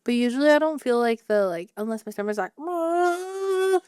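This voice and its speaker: Higher smooth woman's voice, chatty cohost, quick bursts, dry mic. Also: lively intonation, a little mellow, no room sound. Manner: quick chatty talker, trails off mid-sentence. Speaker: podcast co-host. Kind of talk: casual chat.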